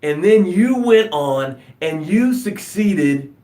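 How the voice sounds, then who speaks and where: Male motivational host, high voice, upbeat and preachy, echoey room. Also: lively intonation, takes it slowly, dark tone. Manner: enthusiastic, preachy, jokes and laughs at himself. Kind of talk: live motivational broadcast.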